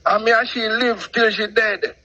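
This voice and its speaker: Animated Jamaican man in patois. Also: high voice, normal speed, lo-fi sound. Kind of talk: casual storytelling on a call-in show.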